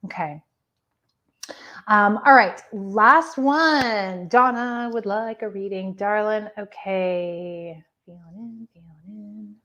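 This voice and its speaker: A woman giving gentle, affectionate channeled readings on a live stream. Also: medium pitch, slow pace, muffled recording. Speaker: spiritual medium giving readings.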